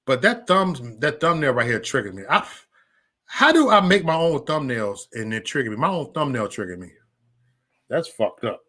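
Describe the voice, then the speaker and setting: A man's voice: medium pitch, sing-song, normal speed, sharp tone. A man hosting a livestream, ranting angrily and profanely at his critics, stammering and repeating himself as he reads the chat. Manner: profane, heated, repetitive, stammers into restarts; reads out live chat comments. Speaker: livestream host. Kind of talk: angry livestream rant.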